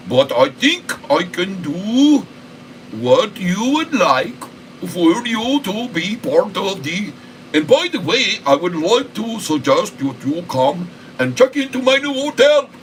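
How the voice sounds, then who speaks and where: A man putting on an Indian accent to play a male hotel owner, in a sing-song, halting way. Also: sits high, fairly bright tone, distant mic, a little hiss or hum, pitched above the performer's own voice, heavily acted, low-quality recording. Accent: Indian (imitated).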